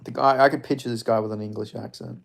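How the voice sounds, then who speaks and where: A young man with a gravelly voice, reacting live to a fight broadcast. His tone sits in a middle register. He talks in a chatty, excitable way and swears freely as he follows the action. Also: medium pitch, quick pace. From Australia. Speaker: streamer. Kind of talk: live fight watch-along commentary.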